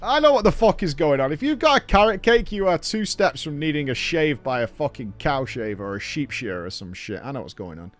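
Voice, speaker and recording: A man in his thirties rants on a live stream with swearing and wild swings of pitch. His voice sits fairly high for a man. Faint game music plays underneath. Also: brisk, few pauses. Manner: animated, sweary, ranting. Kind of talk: casual stream chat.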